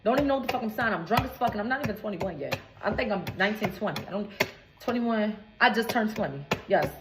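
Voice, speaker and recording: A woman's voice: mid-range voice, expressive, fast, reverberant, noisy background. A woman in her twenties, a recording artist, telling a storytime rant in an indignant, profane, emphatic way.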